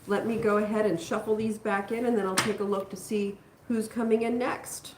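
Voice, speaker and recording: A woman doing a live tarot reading, talking in a reassuring way and thinking aloud with pauses. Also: medium pitch, level tone, echoey room, background noise. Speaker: tarot reader.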